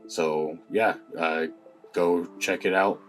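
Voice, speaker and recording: A man's voice: low-pitched, steady tone, slow, soft background music. A man giving a casual spoken film review, hesitant, with many fillers and restarts.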